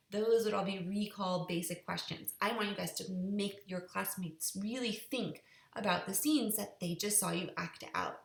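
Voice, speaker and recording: A woman's voice: lowish voice, moderate pace, gravelly, roomy sound. A woman teacher patiently explaining a group assignment step by step. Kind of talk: classroom instructions.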